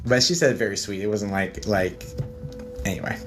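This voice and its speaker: A man giving a psychic medium reading on a livestream, talking gently and reassuringly straight to his viewers. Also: on the low side, normal speed. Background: background music.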